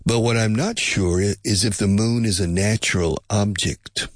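An older American man with a low, husky voice talks through a relaxed teaching monologue. He muses aloud, repeats his words and drops in Spanish glosses. The sound is dry and close. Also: moderate pace, no echo. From United States. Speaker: English teacher.

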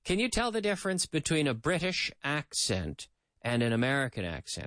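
A man teaches on the radio in a chatty, lively way, and his fairly high voice swings up and down a lot. The sound is dry and close, with no room around it. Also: normal speed, no room sound. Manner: chatty, mixes in translated explanations, talks to co-host. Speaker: radio English teacher and host. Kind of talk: lively radio language lesson.

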